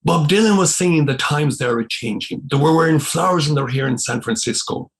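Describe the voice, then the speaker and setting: Older Irish guest, gravel in the voice, spirited podcast storyteller who voices the people in his tales. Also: a little high, fairly quick. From Ireland. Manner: animated storyteller, acts out quoted dialogue. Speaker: podcast guest, former missionary priest. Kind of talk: storytelling in conversation.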